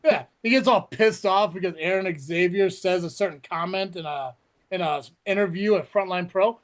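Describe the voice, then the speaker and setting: A high-voiced man co-hosting a casual podcast. He rants and swears freely and mimics the people he is mocking. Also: moderate pace. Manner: profane, ranting, mocks others in quoted voices. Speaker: podcast co-host. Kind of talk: casual chat.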